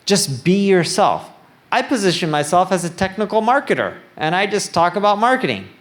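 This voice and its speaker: A man's voice: high-pitched, very animated, moderate pace. A man giving a conference keynote in a casual, self-deprecating way, plain-spoken and a bit nerdy, with a joking tone. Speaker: keynote speaker. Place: conference stage before an audience.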